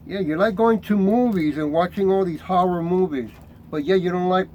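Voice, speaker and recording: A fiery middle-aged preacher, his voice a little high for a man, reads scripture slowly and deliberately before turning confrontational and tossing "right?" at his listeners. The recording is rough, with a little hiss or hum.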